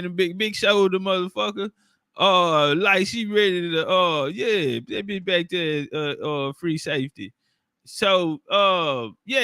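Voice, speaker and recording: A man's voice: high voice, sharp tone, dry recording, studio quality. A man in casual, profane commentary, talking loosely with street slang and frequent laughs into his own microphone.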